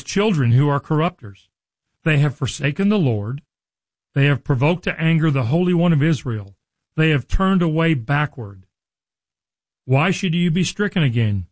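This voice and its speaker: A man preaching a sermon, reading scripture slowly and explaining it in an earnest, conversational way to his listeners. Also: on the high side, a little mellow, no room sound, low-quality recording. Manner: addresses listeners directly.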